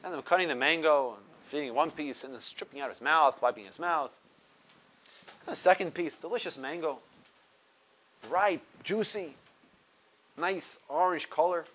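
High-voiced man teaching Torah. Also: normal speed, pauses often, a bit bright, rough recording. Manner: storytelling with rising emphasis; laughs at his own stories. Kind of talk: explaining a religious text to a class.

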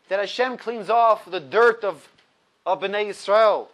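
A man's voice: sits high, a little slow, low-quality recording. A man in his thirties teaching a Torah lesson, building up points with emphasis and laughing at his own stories. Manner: storytelling with rising emphasis. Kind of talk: explaining a religious text to a class.

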